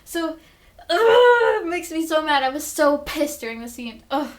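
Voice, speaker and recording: A vlogger recaps a TV episode in a high-sitting female voice at a moderate pace. She gushes casually, swearing a lot and saying "like" often.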